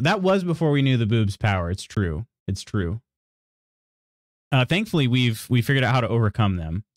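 A man chatting on a stream in a dry, close voice, with pitch that swings up and down. He rambles through half-finished sentences, apologizes and laughs often. He reads chat messages aloud. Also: expressive, a little fast, no room sound. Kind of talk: casual chat with viewers.

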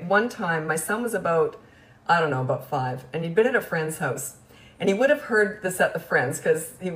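A middle-aged woman parenting coach giving blunt, no-nonsense advice and telling family stories in a lively way, acting out the voices. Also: medium pitch, low-quality recording. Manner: lively storyteller, mimics children and herself. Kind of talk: storytelling advice talk.

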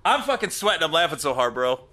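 A man's voice: fairly high pitch, sing-song, fast, pushed and bright. A middle-aged man hosting a comedy podcast, chatting loosely and laughing hard at jokes. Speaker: podcast host. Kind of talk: casual comedic podcast chat.

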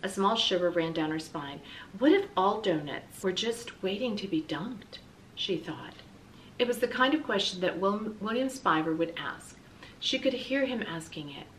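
A woman teacher reading a children's novel aloud, clear and expressive. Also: medium pitch, moderate pace, distant mic, a little hiss or hum, low-quality recording. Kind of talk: children's book read-aloud.

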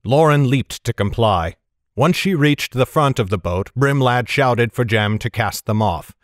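A man narrates a fantasy story in a steady, measured way. His voice sits at a middling pitch and is recorded dry and close to the mic. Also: no room sound. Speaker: audiobook narrator.

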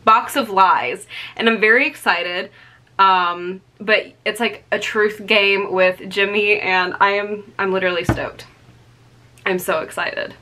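A woman in her twenties chatting casually to her vlog audience at home, gushing and excitable, with lots of "like" and "um". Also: medium pitch, measured pace, a little hiss or hum. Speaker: vlogger. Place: at home, indoors.

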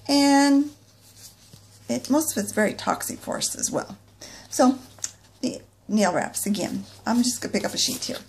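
A middle-aged woman talks through a product demo in a chatty, friendly way. Her voice sits a little high and swings widely in pitch, and she often slips into soft, near-whispered asides. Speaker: nail product consultant.

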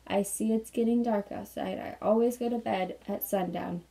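A woman's voice: medium pitch, steady tone, moderate pace, gravelly, mellow, close to an everyday voice, poor audio. A woman voicing a tiny, courteous female bird with a sore throat, reading a storybook aloud.

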